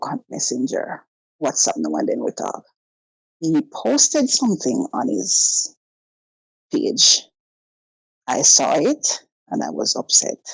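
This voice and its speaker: Woman caller, low husky gravelly voice, very animated storyteller. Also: no echo, rough recording. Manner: animated, acts out both sides of conversations. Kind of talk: casual storytelling.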